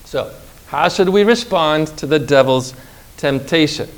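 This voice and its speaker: Man preaching, sermon, emphatic rhetorical questions, slightly high voice. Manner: emphatic, slow dramatic phrasing with rhetorical questions.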